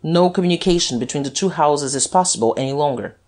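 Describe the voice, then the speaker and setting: A man playing a brisk, dutiful police officer. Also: a little high, a little mellow, close to an everyday voice. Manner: brisk, satisfied, deferential. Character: Bonavent, eager, dutiful male police officer.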